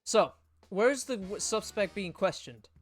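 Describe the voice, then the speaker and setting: A woman streamer chatting casually and voicing the lead lawyer, giggly and excitable. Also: medium pitch, measured pace, faint music behind. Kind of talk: casual live-stream chat and voice acting.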